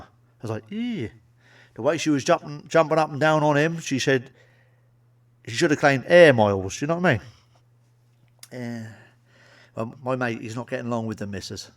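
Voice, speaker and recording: A man from England telling crude, sweary jokes to camera as a stand-up comedian. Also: medium pitch. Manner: blunt and sweary, with a chuckling aside. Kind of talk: crude joke-telling monologue. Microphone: solo to camera, wearing a mask.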